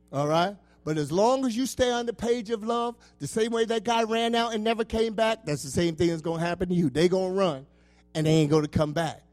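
Passionate preacher, man with a high voice, faint music under him. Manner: passionate, swinging between loud preaching and soft asides. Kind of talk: sermon.

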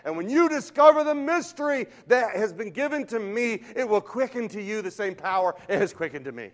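An older man preaching a sermon, telling stories in a lively way that swings from hushed to loud. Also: sits high, brisk. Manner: animated storytelling, swings between hushed and loud.

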